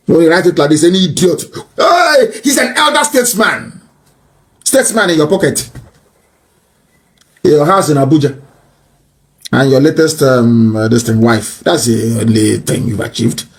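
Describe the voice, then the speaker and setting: Scornful man ranting loudly. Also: high-pitched. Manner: mocking, scornful, rising to shouts. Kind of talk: impassioned political tirade.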